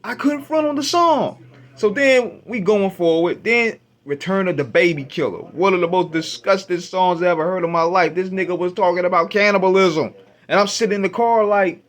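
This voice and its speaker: A man hosting a radio show, casually retelling his first listen to an album, with an animated, profane, laughing delivery. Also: sits high, fairly quick. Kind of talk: casual storytelling album review.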